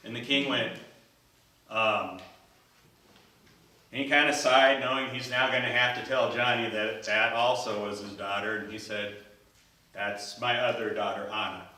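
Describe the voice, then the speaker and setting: Male storyteller, animated, live event, bright tone, reverberant hall. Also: lowish voice, a little slow, long pauses. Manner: animated, acts out the characters' lines. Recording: echoey hall, voice from a distance.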